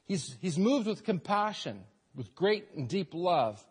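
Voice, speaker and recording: A man preaching a sermon as pastor, animated and rising into emphatic bursts. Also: high-pitched, a little slow, slightly rough.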